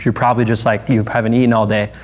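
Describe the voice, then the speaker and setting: A man's voice: lowish voice, little pitch movement, racing. A man who is a barber, a guest chatting casually, laid-back, laughing often and swearing, with many fillers. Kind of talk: casual conversation.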